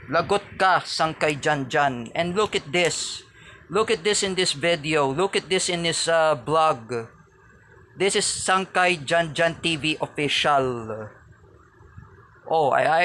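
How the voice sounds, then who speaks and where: A man's voice: fairly high pitch, bright, forceful tone, slight background noise. A man with a Filipino accent, a vlogger ranting angrily and repetitively at a rival, stressed and insulting. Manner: angry, repetitive, insulting rant with frequent pauses. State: stressed and angry. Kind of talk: angry ranting vlog.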